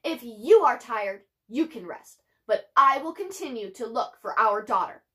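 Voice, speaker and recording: A woman voicing a worried, determined mother who speaks in a forceful, insistent way. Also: a little high, lively intonation, measured pace. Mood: fierce.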